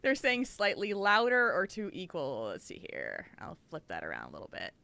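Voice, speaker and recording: A woman's voice: lowish voice, huge pitch swings, normal speed, creaky, sharp tone. A woman co-hosting a podcast from her living room, chatting casually and laughing often. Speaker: podcast co-host. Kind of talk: casual chat.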